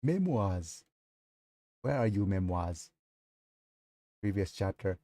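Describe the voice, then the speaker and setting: A man chatting casually on a livestream about his novel, halting and apologetic, with many fillers. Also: low-pitched, expressive, warm tone, no room sound, clean studio sound.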